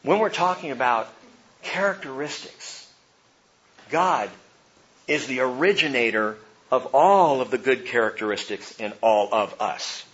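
A middle-aged man preaching a sermon, telling stories with swings from hushed to loud. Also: mid-range voice, a little slow, dull audio. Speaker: pastor.

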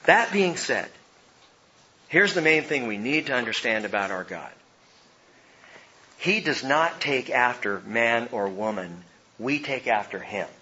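A middle-aged man preaching a sermon, telling stories with swings from hushed to loud. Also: mid-range voice, animated, measured pace, long pauses, dull audio. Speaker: pastor.

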